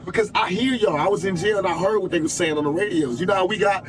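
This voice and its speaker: A man in his twenties telling stories in a radio interview, animated, emphatic and profane. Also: high voice, quick pace, background noise. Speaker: rapper guest.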